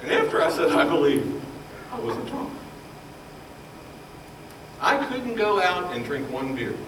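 A man preaching with fervor, swinging between near-shouts and hushed asides. His voice sits a little high for a man. He is caught from a distance, in a roomy, echoing church with faint ambience behind. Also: a little hiss or hum. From Baltimore, Maryland. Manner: impassioned, swings from loud to hushed. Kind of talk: sermon. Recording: roomy echo, voice from far off.

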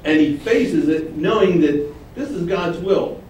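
A man preaching a sermon, animated, acting out quoted lines with sudden rises. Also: high voice, measured pace. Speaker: pastor. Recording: very echoey room, distant mic, faint noise.

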